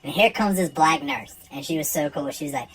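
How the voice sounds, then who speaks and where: A man's voice: a little high, brisk, a bit bright, husky, low-quality recording. A man telling a true personal story in a casual, blunt and profane way.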